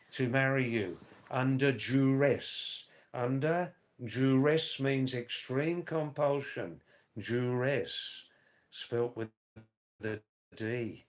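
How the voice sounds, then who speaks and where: A man hosting a live stream, reading out viewers' chat comments and answering them in a slow, rambling way with dry teasing asides. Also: medium pitch. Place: Nepal or India.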